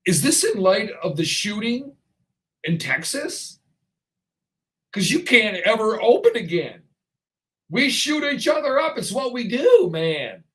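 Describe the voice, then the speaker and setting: A man's voice: high-pitched, sing-song, takes it slowly, long pauses, a bit bright. A man hosting a talk show, ranting through his commentary in a sarcastic way.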